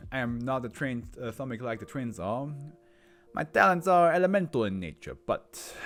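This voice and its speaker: Man putting on a cheery italian accent for a sly polite mobster, bouncy up-and-down pitch, faint music behind. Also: close to an everyday voice. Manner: polite, chipper and evasive. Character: cheery, sly male Italian mob mage.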